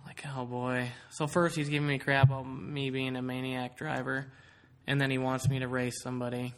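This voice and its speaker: A man's voice: medium pitch, flat delivery, normal speed. A man hosting a casual podcast, telling a rambling story with many fillers. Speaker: podcast host.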